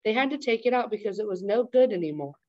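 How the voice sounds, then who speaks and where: A woman's voice: medium pitch, expressive, quick pace, warm tone, highs cut off, close to an everyday voice. A woman reading aloud, voicing an eager, chatty young girl.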